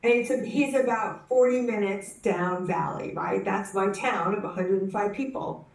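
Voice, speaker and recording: A woman telling a personal story to a conference audience, animated and acting out the voices in her story, often restarting her sentences. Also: medium pitch, normal speed, gravelly. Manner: frequent self-corrections and restarts. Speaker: conference speaker. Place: conference hall. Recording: roomy hall, speaker distant from the mic.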